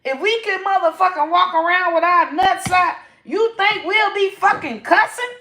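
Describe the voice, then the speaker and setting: A woman comedian hosting a live stream, ranting with constant profanity in a loud, rambling way. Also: extremely high pitch, normal speed, a little hiss or hum. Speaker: comedian host. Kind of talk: live-stream comic rant. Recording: echoey room.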